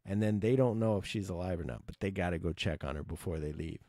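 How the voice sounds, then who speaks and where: A man casually retelling his favorite film scenes, excited and swearing, acting out the characters' lines. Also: sits low, fast, dry recording, studio quality. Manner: enthusiastic, swears, acts out quotes. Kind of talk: casual movie recap.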